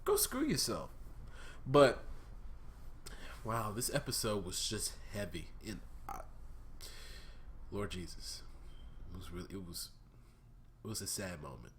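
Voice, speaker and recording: A young man hosting his own vlog, giving a casual, profane review of a cartoon episode, swinging between loud outbursts and subdued talk. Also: deep voice, a little slow, pauses often, a little hiss or hum.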